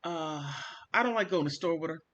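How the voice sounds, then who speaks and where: Guy vlogging a family story, animated and theatrical, voice on the higher side. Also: fairly quick, lo-fi sound. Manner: animated, theatrical, acts out quotes. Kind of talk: casual storytelling monologue.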